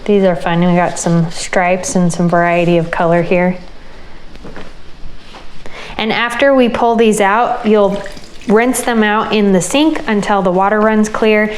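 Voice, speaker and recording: A woman hosting a crafting channel, explaining an ice-dye project as she works in a relaxed way. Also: mid-range voice, slight background noise, rough recording. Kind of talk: casual craft tutorial.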